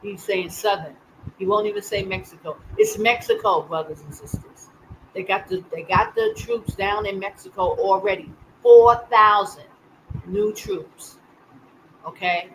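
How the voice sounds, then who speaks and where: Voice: mid-range voice, fairly even intonation, moderate pace, a bit bright, a little hiss or hum, poor audio. A live-stream host giving news commentary, urging listeners with urgent, repetitive pleas.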